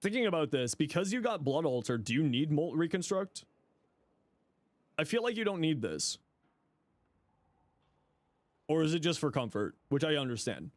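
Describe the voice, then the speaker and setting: A man's voice: fairly high pitch, sing-song, fairly quick, dry recording. A man giving casual livestream commentary, thinking aloud with frequent fillers while he gives friendly advice to viewers. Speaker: streamer reviewing viewers' game builds.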